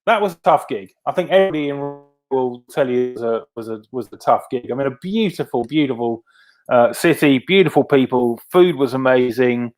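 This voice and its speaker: A man's voice: medium pitch, fairly quick. A man and veteran venue producer telling anecdotes over a video call. He speaks with a self-deprecating humor and frequently uses fillers and restarts his sentences. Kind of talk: casual storytelling interview.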